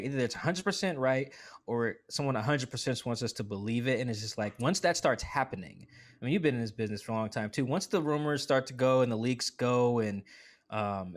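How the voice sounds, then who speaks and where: A man talking as a guest on a sports podcast, in a casual, animated way full of asides and "like" fillers. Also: mid-range voice. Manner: animated, quick asides, acts out quoted voices; conversational with frequent "like" fillers.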